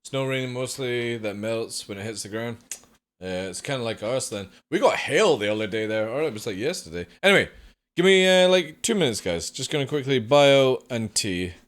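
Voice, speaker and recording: A man's voice: mid-range voice, animated, normal speed. A man streaming live from home, chatting casually with viewers and swearing now and then.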